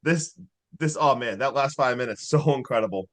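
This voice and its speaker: A man co-hosting a podcast, excitedly recapping a horror movie in casual chat. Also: mid-range voice. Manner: excitable, swears, recaps in quick bursts with laughs. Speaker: podcast co-host.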